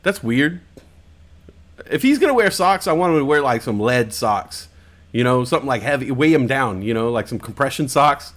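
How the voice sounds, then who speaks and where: Streaming from home on headphones and a desk mic, this talk show host talks a little fast in a medium-pitched, somewhat bright voice. He's animated and casual, wandering from joke to joke with lots of profanity.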